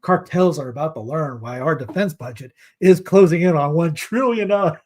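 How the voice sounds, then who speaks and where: A middle-aged North Carolina man hosts a casual news commentary show in a fairly high, expressive voice with a darkish tone, speaking at normal speed. Sarcastic throughout, he reads headlines aloud to mock them and rambles off on tangents while searching for clips.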